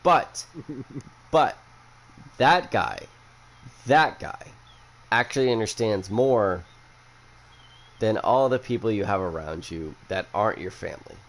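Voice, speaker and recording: A man's voice: fairly low pitch, lively intonation, slow pace, long pauses, a bit bright. A young man hosting a casual chat, who rambles bluntly and swears a lot after a few drinks. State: has been drinking. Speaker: podcast host.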